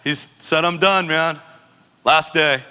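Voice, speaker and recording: A middle-aged man spins casual stories in a bright, forward voice, laughing often as he goes. He swears freely and slips into quick impressions of the people he talks about. His voice rings out with a long reverb trailing behind it. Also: a little high, fairly even intonation, smooth. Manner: laid-back, profane, laughs often, acts out others' lines. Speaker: coffee business founder telling stories. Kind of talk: casual storytelling.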